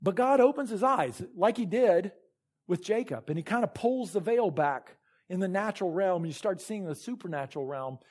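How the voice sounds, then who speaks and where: A man's voice: high-pitched, expressive, moderate pace, darkish tone. A man preaching a sermon as pastor, reading scripture and retelling Bible stories with earnest emphasis.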